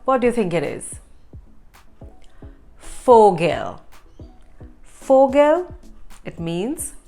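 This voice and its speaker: A woman's voice: mid-range voice, sing-song, moderate pace, a little mellow, soft background music. A woman teaching German pronunciation, repeating each word twice. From India. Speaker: language teacher.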